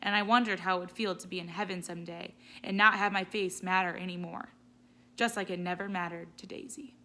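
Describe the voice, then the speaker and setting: Teacher lady reading a story out loud, gentle, bright voice. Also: fairly low pitch, steady tone, brisk. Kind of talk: read-aloud storytelling.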